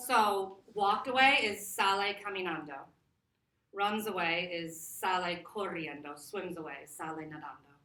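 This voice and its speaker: A woman teacher giving a classroom lesson, lively and laughing, stretching words out slowly to model them. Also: on the low side. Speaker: Spanish teacher. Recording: echoey classroom from far off.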